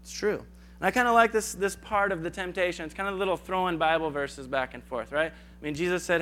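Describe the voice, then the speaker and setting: A man's voice: high-pitched, fast talker, pushed and bright. A man giving a conversational sermon, acting out biblical dialogue in casual asides. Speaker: preacher.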